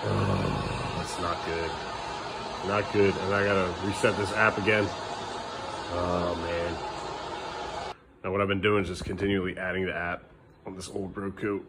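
A middle-aged father chats casually to the camera at home. He scolds his sons firmly, and his voice often climbs higher when he tells them off. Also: unhurried, long pauses, noisy background. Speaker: father and vlogger. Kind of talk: casual family vlog chat. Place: at home indoors.

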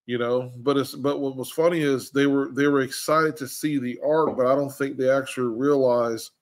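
Animated man leading a bible study. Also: mid-range voice, normal speed. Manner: animated, acts out quoted characters. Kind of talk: casual group bible discussion.

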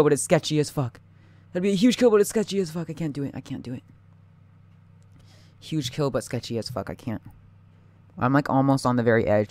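A young man giving live gameplay commentary, anxious and excitable, often muttering and repeating himself. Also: medium pitch, no room sound.

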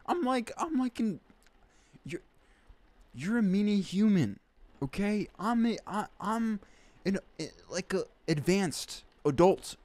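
A young man chats through a game in a loose, slangy way, calling everyone bro and man. His pitch swings widely, and he breaks into sudden loud bursts of excitement. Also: a little hiss or hum. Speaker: gaming YouTuber. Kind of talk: casual let's-play commentary.

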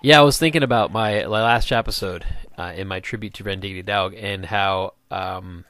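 A man's voice: low-pitched, moderate pace, a bit bright. A man casually talking through a game he is playing, chatty and rambling, joking and calling out to the characters on screen. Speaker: gaming video host. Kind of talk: casual let's-play commentary.

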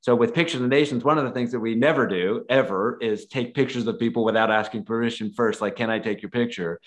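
Speaking fast in a mid-range voice, a man appears as a podcast guest spinning loose, meandering stories. Fillers crowd his speech, and he performs quoted lines as he tells them.

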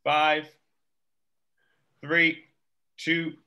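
A man's voice: fairly high pitch, completely flat delivery, extremely slow, noisy background. A man coaching a live workout class over a video call, counting down sets and giving short encouraging cues. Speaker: fitness coach.

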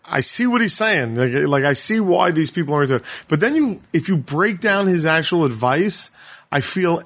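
A man co-hosting a podcast, retelling a documentary in casual chat, animated and full of profanity. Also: on the high side, normal speed. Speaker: podcast co-host.

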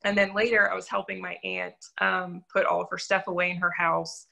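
A woman's voice: fairly low pitch, level tone, brisk, gravelly, sharp tone, low-quality recording. A young adult woman sharing her faith testimony in an interview, telling her story candidly and earnestly with self-deprecating humor.

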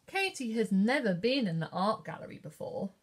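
A woman's voice: mid-range voice, big pitch swings, normal speed, slightly rough. A woman librarian reading a picture book aloud at story time.

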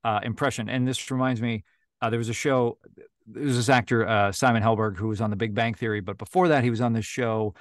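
A man's voice: mid-range voice, fairly even intonation, quick pace, dry recording. Chatty man with dry close sound. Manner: chatty, many fillers and restarts. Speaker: audiobook narrator guest. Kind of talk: casual interview chat. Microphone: video call.

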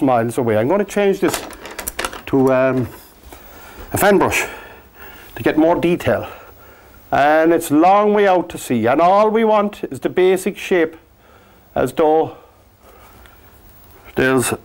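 An Irish man leads a painting lesson on a TV set. His voice sits a little high for a man, and he talks through each stroke in a gentle, step-by-step way. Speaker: painting instructor. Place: TV studio.

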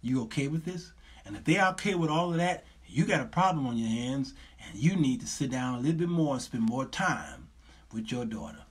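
Husky-voiced preachy male talk host. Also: medium pitch, big pitch swings, brisk. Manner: preachy, lecturing, laughs often. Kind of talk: casual livestream talk to viewers.

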